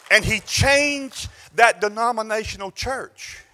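A Southern US man, a pastor, preaches a sermon in church, telling stories with animated swings between exclamations and quiet asides. His voice is high and he takes his time. There's slight background noise.

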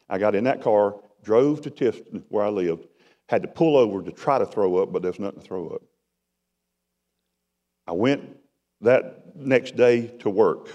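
A middle-aged man preaching a testimony, dramatic and storytelling, his voice swinging from loud to hushed. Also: fairly low pitch, highs cut off. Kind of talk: sermon testimony. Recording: long hall reverb.

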